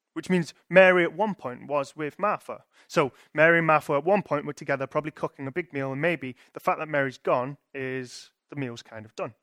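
A man's voice: on the high side, fairly bright tone, dry recording, clean studio sound. Young man preaching conversationally. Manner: conversational, thinking aloud with frequent restarts and rhetorical "right?". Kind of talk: sermon.

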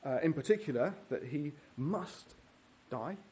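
Preacher man with a slightly high voice. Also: expressive, measured pace, mellow. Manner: earnest, prays, teaches verse by verse with fillers and restarts. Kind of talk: sermon. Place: church.

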